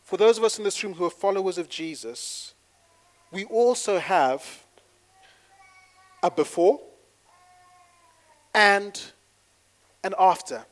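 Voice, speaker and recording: A man preaching to his congregation, playful and chatty, then building to fervent shouting. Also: sits high, lively intonation, slow, pauses often. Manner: playful, leads the congregation in call-and-response. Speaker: pastor. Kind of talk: sermon.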